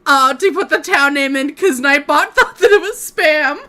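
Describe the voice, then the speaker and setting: Casting: high, bright woman, slow and playful podcast guest. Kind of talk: casual chat.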